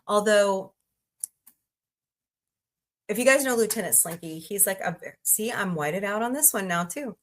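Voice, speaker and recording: A woman's voice: medium pitch, lively intonation, unhurried, long pauses. A woman hosting a casual livestream, chatting, greeting viewers by name and rambling through asides. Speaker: livestream host.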